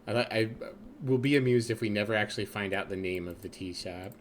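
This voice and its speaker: Man, game streamer, playful, reads text aloud, does character voices, low-pitched. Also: slight background noise. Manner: playful, breaks into character voices and quick asides.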